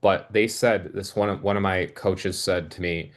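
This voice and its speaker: A man with a somewhat low voice talks through a business pitch on a casual group video call from home. He stops and restarts his sentences often, feeling his way toward each point. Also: steady tone. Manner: halting, restarts mid-sentence. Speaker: business presenter.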